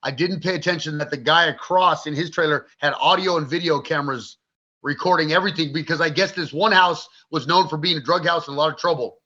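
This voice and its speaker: Blunt, bright-voiced man telling his story. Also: a little high, fairly quick. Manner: blunt, profane, vivid storyteller. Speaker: podcast guest. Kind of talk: candid interview storytelling. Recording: dull lo-fi recording.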